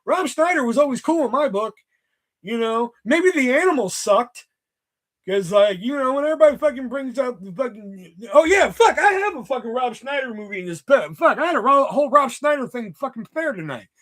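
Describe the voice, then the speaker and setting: A man talking movies in a casual chat, his voice high and bright with swooping, animated pitch. He rambles freely, swears often and fills gaps with ums and likes. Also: a little fast. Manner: rambling, heavy swearing, many fillers. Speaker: host.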